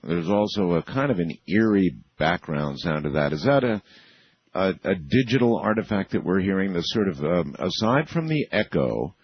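Very deep, lively-voiced male radio host. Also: moderate pace, breathy edge, dry recording, highs cut off. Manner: chatty, asks questions, jokes and laughs easily. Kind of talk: casual radio talk.

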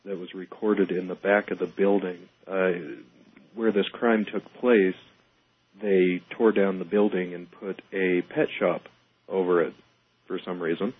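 Man, guest investigator, low husky voice, calm explaining, dry tinny phone sound. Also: a little slow. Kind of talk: casual radio talk.

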